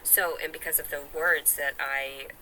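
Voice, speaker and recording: Bright-voiced rambling woman vlogger. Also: sits low, steady tone, moderate pace, a little hiss or hum, poor audio. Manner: rambling and self-important. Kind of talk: casual vlog monologue.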